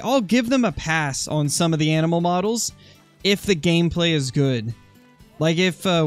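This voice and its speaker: A young man with a slightly high voice chats casually through a hunting game stream. He reads out viewers' comments and answers them in a relaxed, talkative way. Faint music plays underneath. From Oregon, USA. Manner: chatty, answers chat comments while hunting. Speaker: gaming streamer.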